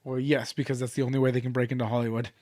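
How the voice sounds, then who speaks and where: A man's voice: medium pitch, level tone, dark tone. A young man co-hosting a podcast, chatting casually with jokes, teasing and swearing. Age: young adult. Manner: joking, profane, quick to tease. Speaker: podcast co-host. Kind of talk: casual chat.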